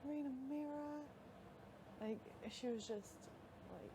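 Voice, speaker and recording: A woman chatting casually, animated as she tells stories and acts out what others said, with frequent "like". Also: fairly high pitch, normal speed. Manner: animated storytelling, quotes others, says "like" often. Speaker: reality show houseguest. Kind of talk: casual chat. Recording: live feed with audible background noise.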